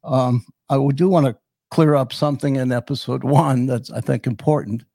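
A man's voice: medium pitch, steady tone, normal speed, creaky, mellow, no echo. A man in his seventies, a podcast host, telling his life story in a rambling way with many fillers and restarts. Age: 70s. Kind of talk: personal storytelling.

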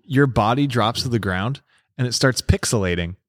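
A man's voice: medium pitch, lively intonation, normal speed. A man narrating a tabletop game as game master, casual and joking.

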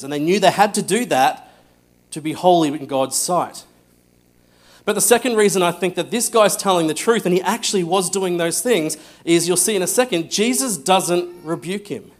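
A man preaching a sermon, telling a Bible story with energy, acting out the voices and often dropping to a hushed tone. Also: high-pitched. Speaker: pastor.

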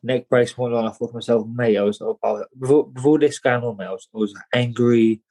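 Halting man, mellow voice. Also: medium pitch, fairly even intonation. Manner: halting, repeats words, says "mate" often. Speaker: guest. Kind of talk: candid personal story in an interview.

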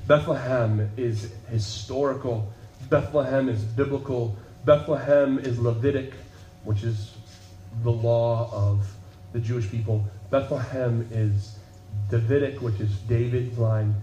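A man preaching a sermon to a congregation, telling the story with jokes and acted-out voices before turning low and solemn. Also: a little slow, reverberant, highs cut off, slight background noise. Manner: animated, joking storytelling that drops to a low, solemn tone. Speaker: pastor. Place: church sanctuary.

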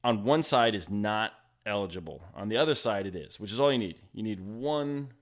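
A man's voice: fairly low pitch, expressive, moderate pace. A man hosting a podcast, telling a story and chatting easily. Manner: easygoing, chuckling, affirming. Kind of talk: casual chat.

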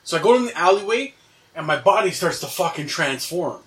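A man's voice: on the high side, animated, fairly quick, fairly bright tone, far from the mic. A young man animatedly telling a wild dream story in casual chat, swearing and laughing as he goes.

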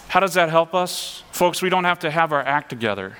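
Earnest pastor with a bright voice. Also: male voice, fairly high pitch, expressive, a little fast, few pauses, in a large hall, a little hiss or hum. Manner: earnest, conversational preaching with rhetorical questions. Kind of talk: sermon.

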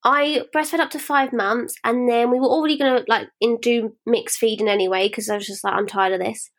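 A woman's voice: on the high side, fairly quick. A woman co-hosting a podcast, telling frank stories in casual chat and acting out what people said. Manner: frank, animated storytelling with acted-out quotes. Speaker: podcast co-host.

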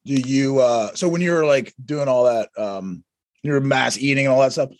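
A man interviewing a guest casually, talking in halting phrases full of restarts. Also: mid-range voice. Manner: halting, lots of fillers and restarts.

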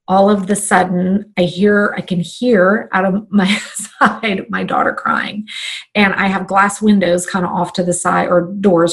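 Woman, animated storyteller, middle pitch, voices her inner thoughts as she goes. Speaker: live online trainer. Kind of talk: personal storytelling.

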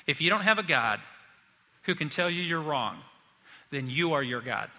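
A man preaching a sermon as pastor, telling stories in a lively, joking way. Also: a little high, moderate pace, big-room sound.

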